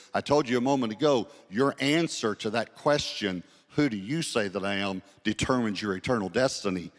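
A male pastor preaching a sermon, telling a story with quoted dialogue and slowing down to read scripture aloud. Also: lowish voice. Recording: long hall reverb.

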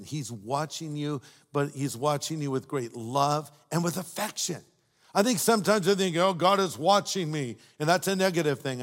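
An older man preaching a sermon as a pastor. He tells stories warmly and adds humorous asides. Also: on the high side. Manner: warm storytelling with humorous asides. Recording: long hall reverb.

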